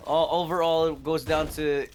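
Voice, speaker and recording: A man casting an esports match, mixing play-by-play with wry, deadpan jokes. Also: on the high side, normal speed, a little hiss or hum. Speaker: esports caster. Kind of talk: play-by-play commentary and banter.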